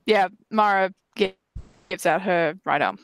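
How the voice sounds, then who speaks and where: A woman playing in a tabletop game, excitable and quick to exclaim. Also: fairly low pitch, gravelly, no room sound. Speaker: player.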